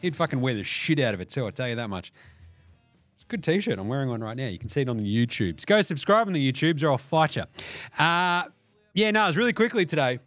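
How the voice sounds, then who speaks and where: A man's voice: mid-range voice, lively intonation, quick pace, a bit bright, no echo, faint music behind. A man hosting a solo basketball podcast, sarcastic and profane as he riffs on the day's games. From Australia. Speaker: podcast host. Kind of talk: solo sports podcast rant.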